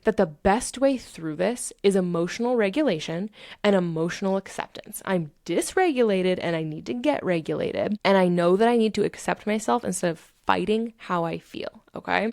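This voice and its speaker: A woman's voice: mid-range voice, vocal fry, a little mellow, dry recording, clean studio sound. A woman hosting a self-help podcast, talking in a candid, emphatic way with frequent swearing and repetition for emphasis. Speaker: podcast host.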